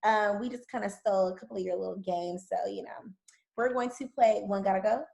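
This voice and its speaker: A woman in her twenties with a Southern American accent, hosting a podcast in an animated, emotional, casual chat. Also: medium pitch, quick pace, creaky, poor audio. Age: 20s. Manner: animated, emotional, laughs easily. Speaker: podcast host.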